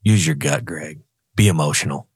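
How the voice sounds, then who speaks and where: A man doing a low, coaxing devil duck. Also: normal speed, slightly rough, no echo, clean studio sound, heavily acted. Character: tempting devil cartoon duck, male, wheedling.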